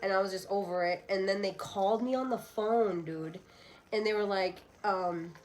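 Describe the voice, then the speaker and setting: A woman's voice: medium pitch, moderate pace, faint music behind, rough recording. A woman in her thirties, a podcast guest talking candidly and bluntly, with rambling asides and frequent swearing. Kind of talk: candid casual conversation.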